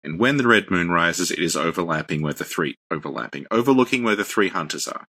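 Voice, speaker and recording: A man co-hosting a casual game lore podcast, dry and deadpan. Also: low voice, fast. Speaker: podcast co-host.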